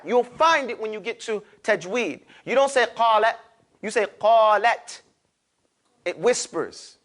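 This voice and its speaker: A man with a New York accent teaching a class, lively and animated, urging his students to repeat after him. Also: high voice. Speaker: Arabic teacher. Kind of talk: classroom lecture.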